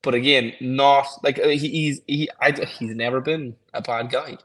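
A man's voice: mid-range voice, steady tone, normal speed, fairly bright tone, low-quality recording. A man co-hosting a podcast in casual chat, encouraging and thinking aloud as he talks. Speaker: podcast co-host.

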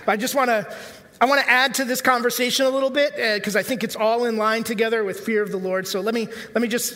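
A man's voice: high voice, bright, forceful tone, big-room sound. A man preaching a sermon in a casual, conversational way, full of filler words and rhetorical questions. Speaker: pastor.

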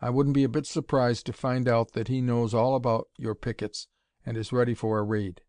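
A man's voice: medium pitch, little pitch movement, moderate pace, darkish tone, no echo, natural voice. A man reading an audiobook, voicing an eager, commanding male scientist-detective in a raised, urgent voice. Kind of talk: audiobook character voice.

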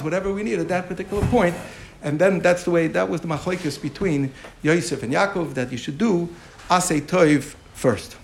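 A man's voice: fairly high pitch, normal speed, creaky, a little hiss or hum. A man giving a Torah class lecture as the teacher, explaining through a parable and often repeating and restarting his phrases.

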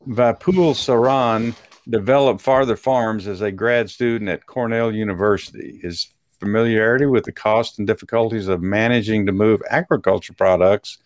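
A man co-hosts a relaxed talk show from a dry, close-sounding spot, his voice on the low side. He reads news stories aloud, stumbling now and then and breaking off to joke. A Texan accent sometimes shows through. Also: normal speed, dry recording. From Texas. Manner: reads articles aloud with asides and chuckles. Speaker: co-host. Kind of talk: casual talk show chat, reading news items.

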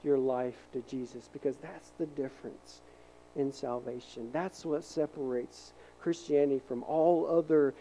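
A male pastor preaching a sermon, animated and acting out voices in the story, sometimes dropping to a soft hush to make a point. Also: medium pitch, measured pace, a little hiss or hum, rough recording. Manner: animated, acts out quoted voices; drops to a soft hush for emphasis.

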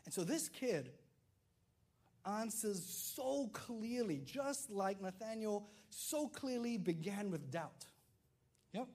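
Male preacher, unhurried delivery, lively storyteller acting out his characters. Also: high voice. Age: adult father. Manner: animated storytelling, acts out quotes, frequent "right?" to listeners. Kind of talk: sermon.

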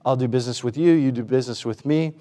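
A man's voice: mid-range voice, fast talker, warm tone, in a large hall. A man preaching a sermon, asking the congregation rhetorical questions and acting out the voices he quotes. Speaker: pastor.

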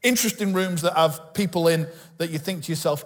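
A middle-aged man from England, preaching a lively sermon and acting out the quotes he tells. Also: a little high, fairly quick. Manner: animated preaching, acts out quotes. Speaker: guest pastor. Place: church hall. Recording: reverberant church hall.

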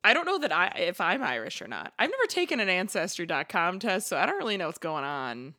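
Bright, lively young woman chatting. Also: lowish voice, quick pace. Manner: laughs often, playful and chatty. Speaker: podcast co-host. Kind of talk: casual chat.

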